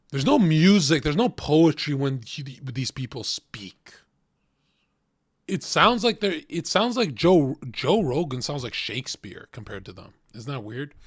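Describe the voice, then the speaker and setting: A man hosting a livestream, mocking his guests with crude, sarcastic commentary. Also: a little high. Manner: sarcastic, crude, quick to mock. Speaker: livestream host.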